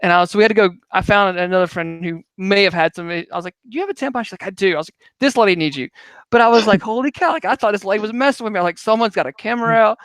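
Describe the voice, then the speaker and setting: A man hosting a podcast tells stories with animated, anecdotal energy. His voice is high and smooth. The sound is dry and close. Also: very fast, dry recording. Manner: lively anecdotal storyteller. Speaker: podcast host, medic. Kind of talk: casual podcast storytelling.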